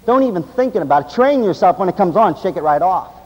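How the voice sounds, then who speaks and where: A man preaching a sermon, swinging between loud, intense passages and low, quiet stretches. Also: expressive, fast talker, lo-fi sound. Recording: long hall reverb.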